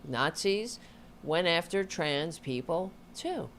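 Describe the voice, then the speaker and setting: Woman host, low-pitched, very slow delivery, exasperated, sarcastic reactions. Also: lively intonation, a little hiss or hum. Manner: exasperated, sarcastic, swears at clips. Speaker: political commentary host. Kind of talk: reacting to clips, casual commentary.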